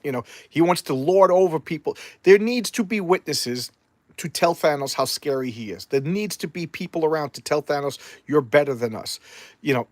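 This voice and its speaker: A man's voice: on the high side, lively intonation, normal speed, a little mellow, dry recording. A man rambling through an opinionated casual review of an old comic book.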